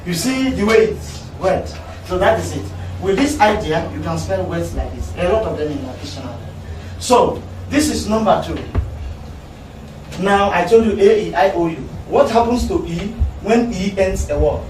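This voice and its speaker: A male teacher leading a classroom spelling lesson, calling out words slowly for the class to repeat. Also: sits high, lively intonation. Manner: slow, drilling words for learners to repeat. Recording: echoey room, distant mic, noisy.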